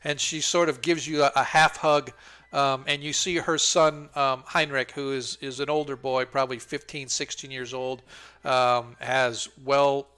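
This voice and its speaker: A man running a tabletop game as game master, describing scenes in a halting way with many ums and restarts. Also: medium pitch, little pitch movement, sharp tone, clear, resonant tone.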